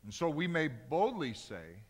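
A male pastor preaching a sermon in a church, swinging from loud cries to hushed, slow emphasis. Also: a little high, big pitch swings, slightly rough, in a large hall. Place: church sanctuary.

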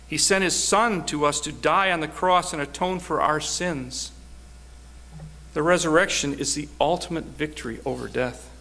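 A man's voice: mid-range voice, creaky, sharp tone. A man preaching a sermon, telling a personal story with earnest, rising emphasis.

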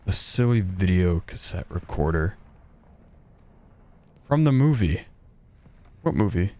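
A man's voice: deep voice, very animated, takes it slowly, warm tone. A man streaming a shooter game, chatting casually, reacting aloud and thanking donors as he plays. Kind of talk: casual gameplay commentary.

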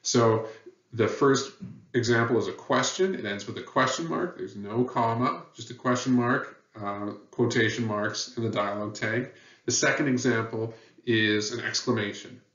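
A man's voice: mid-range voice, normal speed, a bit bright. A man teaching a lesson on writing rules, patient and plain, with many fillers. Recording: dull, roomy sound from a distant mic.

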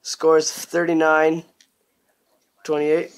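Young guy cursing nonstop over his gameplay clips, kinda high voice, gets hyped fast. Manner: crude, swearing constantly, excitable bursts. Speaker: gameplay commentator. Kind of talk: casual gameplay commentary.

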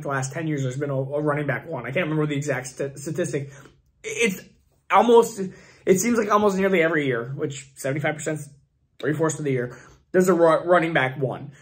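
Hoarse guy talking fantasy draft picks, bit higher voice, rambly and restarting a lot. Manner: rambling, restarts often, thinks aloud. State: hoarse, voice failing. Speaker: fantasy football channel host. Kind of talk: casual mock draft commentary.

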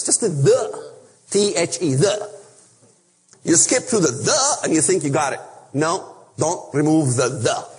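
Man, preaching a Bible lesson, emphatic rhetorical questions, high voice, echoing hall. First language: Arabic. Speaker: speaker on biblical prophecy. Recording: long reverb of a hall.

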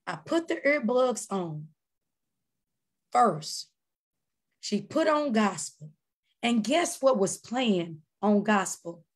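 A woman missionary giving a personal testimony at a church prayer service, telling her story animatedly and breaking into shouted praise. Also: mid-range voice, slow pace, long pauses. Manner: animated storytelling, acting out quoted voices.

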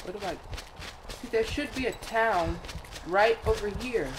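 A man's voice: high-pitched, measured pace. A man hosting his own gaming channel, playing a horror game and talking nervously to himself as he goes. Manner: jumpy, nervous, talks to himself. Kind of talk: horror game let's play commentary. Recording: loud background noise.

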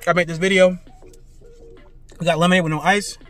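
A man eating and reviewing fast food in a parked car, talking excitedly and calling his viewers "guys" and "man". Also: high-pitched. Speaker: food vlogger. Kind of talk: casual food review vlog. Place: parked car, traffic passing outside. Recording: faint road noise from inside a car. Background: cars passing by.

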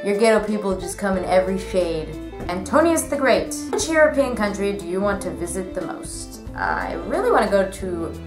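A woman's voice: mid-range voice, sing-song, normal speed. A young woman vlogger answering viewer questions in a casual, rambling chat full of fillers. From United States. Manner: chatty, rambling, lots of "like" fillers. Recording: echoey room with music behind. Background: background music.

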